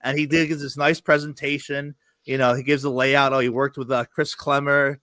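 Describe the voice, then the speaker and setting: Guy guest on a podcast, bright sharp voice, rattles off swearing stories and laughs a lot, dry close sound. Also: mid-range voice, flat delivery, dry recording. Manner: fast, profane storytelling with bursts of laughter. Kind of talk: casual podcast chat.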